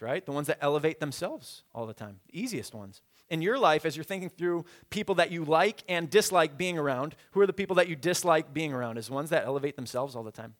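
A man's voice: a little high, a bit bright. A young man preaching a sermon as a pastor, in a casual conversational way with frequent fillers. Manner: conversational, many fillers, leads congregation in repeating a verse.

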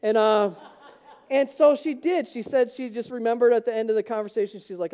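Mellow-voiced pastor telling stories. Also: male voice, sits high, brisk, clean tone. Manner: conversational storytelling with acted-out quotes. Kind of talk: Easter sermon.

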